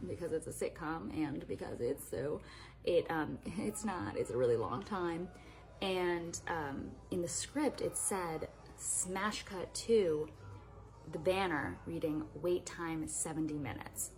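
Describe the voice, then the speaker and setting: A woman's voice: sits low, slow pace, darkish tone. A woman recalling her days as an actress in a casual, rambling vlog story, full of restarts and bursts of laughter. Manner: breaks into laughter and acts out quotes. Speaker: actress recalling filming stories.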